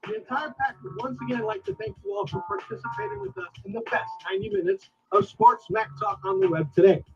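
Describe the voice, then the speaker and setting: High-voiced man doing a showy outro. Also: very animated, quick pace. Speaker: co-host doing show outro. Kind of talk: announcer-style outro. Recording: dull sound with music behind.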